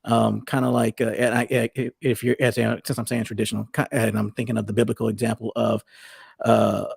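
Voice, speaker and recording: A man's voice: on the low side, level tone, a little fast, gravelly, a little mellow, husky, dry recording, studio quality. A middle-aged man talking casually as a podcast co-host, rambling and restarting his sentences often. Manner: rambling, many restarts and self-corrections. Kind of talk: casual conversational talk.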